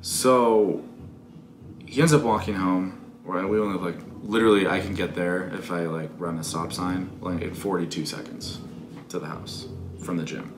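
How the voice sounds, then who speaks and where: Deep-voiced young man telling a story. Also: steady tone, moderate pace, music in the background. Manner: profane, candid, self-critical. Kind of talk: casual storytelling. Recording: echoey room with background noise.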